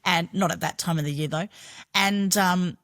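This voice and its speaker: A woman's voice: fairly low pitch, steady tone, normal speed, a bit bright. A middle-aged Australian woman telling her own story as a podcast guest, frank and chatty, swearing freely. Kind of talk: candid personal storytelling.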